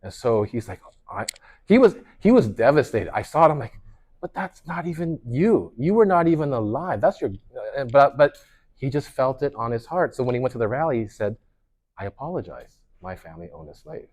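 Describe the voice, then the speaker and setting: A man, a pastor, leading a workshop in a conversational way, telling stories with lots of restarts and fillers. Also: a little fast. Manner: animated storyteller, lively pitch swings, many restarts and fillers.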